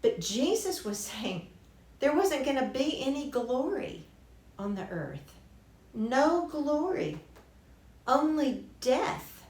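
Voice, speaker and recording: A woman teaching a Bible lesson in a conversational way, restarting phrases and adding asides. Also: high-pitched. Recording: roomy church classroom.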